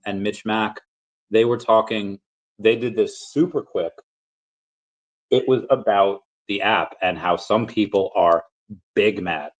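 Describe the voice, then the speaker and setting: A man hosting a casual stream, telling stories in a rambling way with frequent restarts and fillers. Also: on the low side. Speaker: crypto collectibles vlogger. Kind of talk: casual livestream chat.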